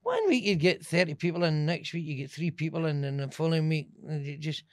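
A man's voice: fairly high pitch, brisk, no room sound, studio quality. A Scottish man, a stand-up comedian, telling swear-laden stories in a casual podcast chat. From Scotland. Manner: animated, swearing, laughing storyteller.

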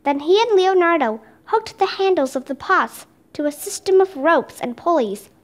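A woman reading a children's chapter book aloud with steady, expressive narration. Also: very high-pitched, normal speed. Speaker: storybook reader.

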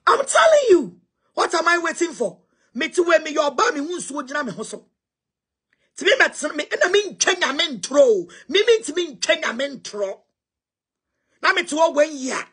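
A woman's voice: high voice, a bit bright, breathy edge. A woman with a Ghanaian accent giving an impassioned, confrontational spoken response, switching between Twi and English.

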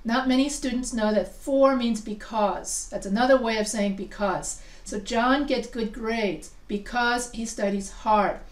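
A woman's voice: on the high side, unhurried, hardly any pauses. A woman teaching a writing class, chatty and full of questions to her students, often restarting her sentences. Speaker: writing instructor. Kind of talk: live class lesson. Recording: echoey room, voice from far off.

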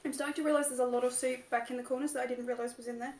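A woman's voice: high voice, flat delivery, racing, darkish tone, a little hiss or hum. A woman chatting and giggling while eating soup on a livestream, talking with her mouth full. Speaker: mukbang co-host. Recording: roomy echo.

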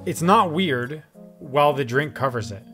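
A man's voice: fairly high pitch, expressive, moderate pace, a bit bright, soft background music. A man hosting a reaction video, chatting casually and curiously with a co-host, full of "like" and musing asides. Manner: chatty, curious, hedging with fillers.

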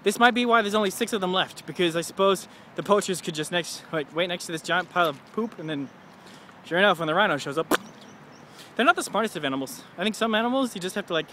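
A man's voice: sits high, fast talker, noisy background. A man in his twenties rambling through a goofy, self-mocking video diary outdoors in a city, laughing at his own jokes. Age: 20s. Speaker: vlogger.

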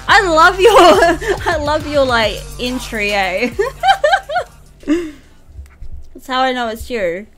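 A woman's voice: high voice, expressive, drawn-out words, long pauses, soft background music. A young woman streaming a game live, reading its dialogue aloud and laughing often as she chats with viewers. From New Zealand. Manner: giggly, chatty with viewers, reads game lines in a playful voice.

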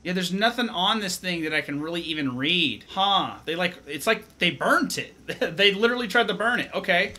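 A man's voice: sits high, lively intonation, moderate pace, hardly any pauses, pushed and bright. A young man commenting on a horror game as he plays, jumpy and swearing and talking to himself. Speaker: gaming YouTuber. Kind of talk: let's play commentary.

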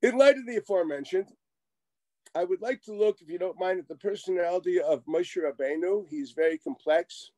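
A middle-aged man delivers a Torah lecture in a fairly high, mellow voice. He is animated and wry, acting out exchanges as he teaches. The sound is close and dry. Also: a little fast, no echo. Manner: animated, wry asides, acts out quoted exchanges. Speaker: rabbi lecturing.

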